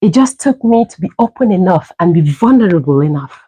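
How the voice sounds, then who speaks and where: A middle-aged woman telling a personal story on a livestream, lively and laughing often as she acts out the dialogue. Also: fairly low pitch, fairly quick, husky, dry recording, low-quality recording. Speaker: livestream host. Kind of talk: casual storytelling.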